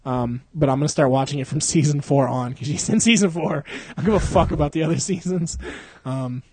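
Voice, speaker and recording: A young man with a husky, darkish voice on the high side hosts a podcast, talking fairly quickly with no room sound. He's crude and joking, swearing a lot and laughing often as he fools around in casual conversation.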